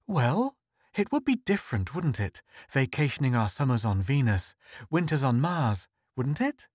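A man's voice: lively intonation, normal speed, no room sound, studio quality, lightly acted. A man voicing an anxious, eager-to-please wife in an audiobook story. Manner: high, fluttery questioning.

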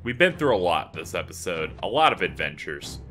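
Over faint game music, a male YouTuber rattles through let's play commentary in a deep, sing-song voice that's brisk, pushed and bright. Fed up with the game, he rants and swears.

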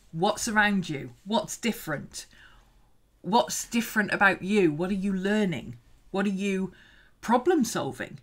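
A woman's voice: mid-range voice, fairly bright tone. A woman hosting a casual art livestream, chatting and greeting viewers, laughing often. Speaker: art teacher and livestream host.

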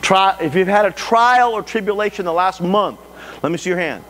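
A man preaching a sermon as pastor to a live congregation, talking in an animated way with frequent restarts. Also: high voice, a little fast. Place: church sanctuary before a congregation. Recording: echoey church hall with faint hum.

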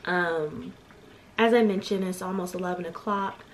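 A woman's voice: on the low side, steady tone, moderate pace, slight background noise, low-quality recording. A young woman in her twenties, a grad student, chatting casually to her viewers in a stressed, tired way, full of fillers and calling them y'all. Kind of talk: casual vlog chat.

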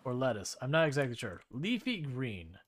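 A man with a mid-range voice, speaking at normal speed, streams a game while chatting casually. He's relaxed and wry, thinking aloud as he plays.

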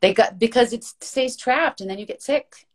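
A woman's voice: fairly high pitch, moderate pace. A woman guest in a casual interview, talking earnestly and emphatically, repeating words for stress and restarting her thoughts as she rambles. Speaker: podcast guest, voice actress and coach.

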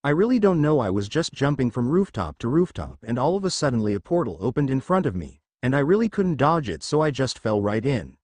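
A man's voice: mid-range voice, brisk, hardly any pauses, no room sound. A man doing a brash young ninja. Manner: excitable, blurting and loud. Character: brash young male ninja, loud and impulsive.

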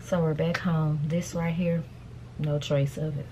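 A middle-aged woman vlogging in a chatty, animated way and talking straight to her viewers. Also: low voice, unhurried, slight background noise. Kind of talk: casual chatty vlog.

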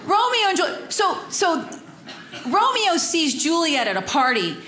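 Brief: fifties woman comic, high voice, lively storytelling, roomy hall, audience laughing. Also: moderate pace, a little hiss or hum. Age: 50s. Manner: animated, storytelling. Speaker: stand-up comedian. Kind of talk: stand-up comedy. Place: theater stage. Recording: echoey hall with crowd.

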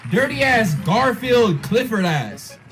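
A young man riffing on cartoons with loud, profane, mocking comedy and plenty of slang. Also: very high voice, very animated, slow, music in the background. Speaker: YouTube commentator.

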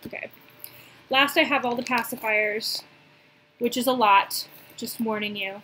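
A young woman, casually chatting through a shopping haul, gushing and filling pauses with "um". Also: a little high, steady tone, pushed and bright, poor audio. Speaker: reborn doll collector showing a haul.

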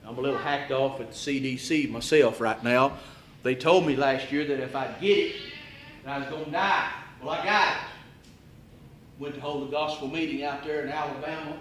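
A man preaching an impassioned sermon in a church, firing rhetorical questions and swinging from hushed tones to near-shouts. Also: mid-range voice, steady tone, moderate pace, slight background noise. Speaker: evangelist preacher. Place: church auditorium. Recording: echoey church room with faint ambience.

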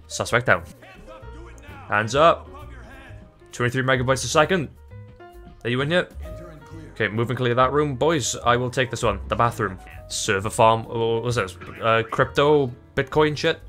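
A man giving loose, excitable gameplay commentary, swearing freely, laughing often and tripping over his own words. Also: mid-range voice, moderate pace, long pauses, soft background music. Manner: rambling, self-interrupting. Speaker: gaming YouTuber.

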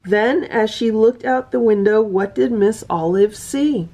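Gentle woman reading a storybook aloud. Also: fairly high pitch, unhurried. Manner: gentle, sing-song, pointing things out with excitement. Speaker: storyteller reading a picture book to her cats. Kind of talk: storybook read-aloud with asides.

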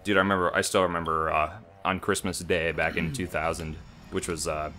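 Deep-voiced, rambling man in his mid-twenties. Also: flat delivery, fairly quick, sharp tone. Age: mid-20s. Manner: rambling, hesitant, self-deprecating. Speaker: let's play co-host. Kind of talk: casual gaming chat.

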